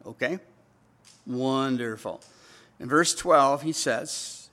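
A man's voice: medium pitch, moderate pace, fairly bright tone. A middle-aged man, preaching a sermon in a conversational way and slipping into quoted voices. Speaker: pastor.

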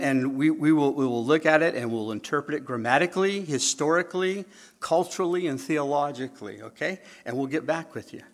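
A man with a gravelly voice delivers a sermon to his congregation. He tells stories, acts out both sides of conversations and keeps checking that his listeners are following. His pitch sits in the ordinary middle range for a man. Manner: animated storytelling, acts out dialogue, asks the audience questions. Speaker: preacher.

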